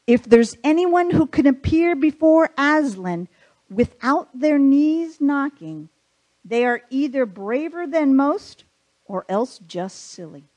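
A woman's voice: high-pitched, animated, takes it slowly, darkish tone, voice pushed up, rough recording. A woman voicing a motherly female beaver from a storybook, speaking in a homely, frank way.

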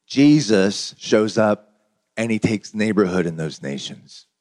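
A man's voice: lowish voice, animated, unhurried, darkish tone. A man preaching a sermon in a conversational, storytelling way, often repeating words as he goes. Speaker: pastor.

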